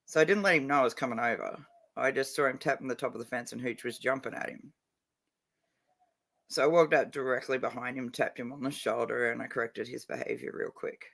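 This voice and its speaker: A man's voice: medium pitch, steady tone, brisk, gravelly, fairly bright tone. A man chatting casually on a livestream, blunt and heavily profane, a little drunk and stoned. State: tipsy and stoned.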